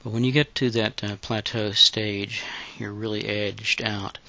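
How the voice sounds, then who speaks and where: A man giving intimate guided audio instruction in a breathy, halting, unhurried way, on a dull lo-fi recording. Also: on the low side, level tone, pushed and bright, dry recording.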